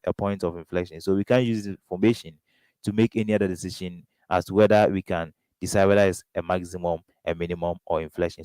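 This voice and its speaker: A man's voice: low voice, a little mellow, no room sound, poor audio. A man with a Ghanaian English accent tutoring through exam questions, constantly prompting with "what?" before giving each answer. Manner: question-and-answer drilling, keeps asking "what?". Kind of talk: exam revision lesson.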